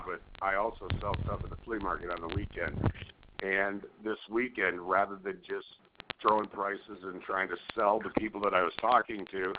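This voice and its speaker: Low-voiced man on a noisy call. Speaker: caller sharing a success. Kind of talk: casual call-in. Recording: muffled call audio with clear background noise.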